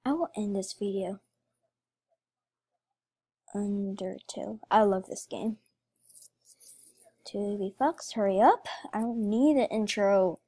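A woman's voice: mid-range voice, dark tone, breathy edge. A woman giving let's play commentary, talking emotionally to her viewers as she plays. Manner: emotional, talks to viewers while playing. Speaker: gaming video creator.

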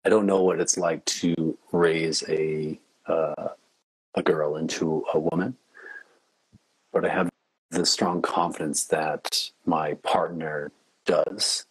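A man's voice: rumbling low, fairly even intonation, slow pace, husky, no echo, low-quality recording. A man who is a podcast guest, talking in an earnest, reflective way and laughing easily. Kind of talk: casual interview chat.

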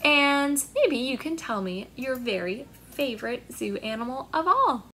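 A woman's voice: sits high, animated, unhurried, bright, forceful tone, slight background noise. A young woman, a children's librarian, cheerfully talking young children through a storytime.

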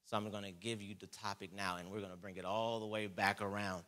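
A man preaching a sermon as pastor, reading scripture with slow emphasis and calling on the congregation to repeat words. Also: on the low side, fairly even intonation, a bit bright.

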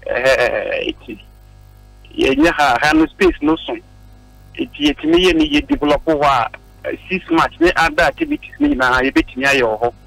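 A man's voice: sits high, huge pitch swings, normal speed, vocal fry, a bit bright, no echo, recorded from a distance, poor audio. A Ghanaian man, a district official interviewed on the radio, speaking politely in Twi and English.

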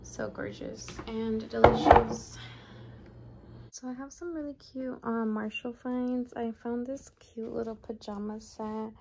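A young woman chats to her vlog camera in a bright, upbeat way. Her voice sits a little high and slides often into vocal fry. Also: slight background noise. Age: young adult. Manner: upbeat and chatty. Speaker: vlogger.

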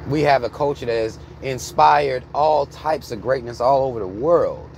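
Gravelly and somewhat dark, his medium-pitched voice moves at a moderate pace over faint background noise. The speaker, a thirtysomething American vlogger sitting in a car, delivers blunt, heated commentary loaded with swearing.

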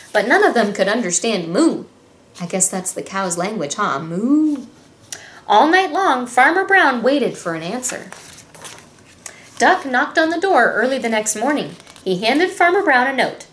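A woman's voice: a little high, fairly bright tone. A woman music teacher reading a story aloud and leading a movement lesson for young children in a bubbly, encouraging way. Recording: echoey room with faint music.

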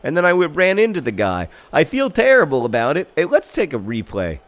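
A man in his thirties hosting a casual gameplay video, rambling through asides and breaking into excited shouted commentary. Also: on the high side, brisk. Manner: excitable, bursts into shouted mock-epic commentary and chants; rambling, self-deprecating asides. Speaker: gaming video host.

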